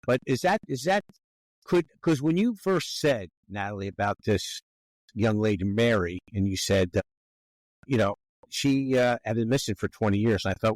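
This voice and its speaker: Low-voiced Philadelphia man asking questions. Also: lively intonation, normal speed, no echo. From Philadelphia area. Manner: rambling, folksy, long wind-up questions. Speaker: podcast host. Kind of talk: conversational interview questions.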